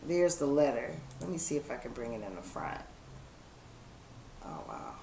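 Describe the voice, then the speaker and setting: A woman's voice: very deep voice, sing-song, normal speed, gravelly, pauses often, dark tone. A woman vlogger, chatting straight to her viewers and reading a viewer letter aloud. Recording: echoey room with faint background noise.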